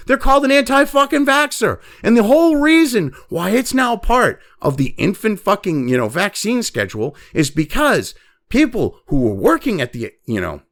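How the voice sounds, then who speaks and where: A man hosting a commentary show rants angrily in a profane opinion piece, swearing constantly and mocking the voices he quotes. His voice sits high and fairly bright, with big pitch swings at a moderate pace.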